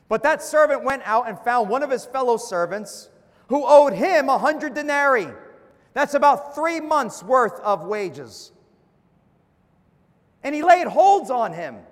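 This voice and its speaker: A man preaching a sermon as pastor, with emphatic dips and rises and calls for an amen. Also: high-pitched. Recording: long hall reverb.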